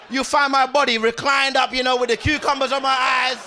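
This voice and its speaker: High, bright-voiced young comic. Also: male voice, quick pace, few pauses. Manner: animated, loud and laughing, uses slang. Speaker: stand-up comedian. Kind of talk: stand-up comedy set. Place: comedy club stage. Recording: live club with faint room noise.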